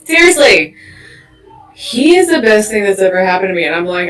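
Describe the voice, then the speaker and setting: Profane, animated woman podcast host. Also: medium pitch, moderate pace, distant mic, faint music behind. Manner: candid, profane and animated storytelling. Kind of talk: casual comedic chat.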